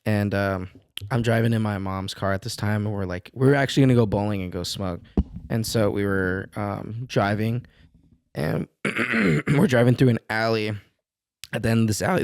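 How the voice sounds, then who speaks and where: A man's voice: fairly low pitch, a little mellow, dry recording, clean studio sound. A young man co-hosting a podcast, telling a story in a laid-back, slangy way with plenty of swearing. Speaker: podcast co-host. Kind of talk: casual storytelling chat.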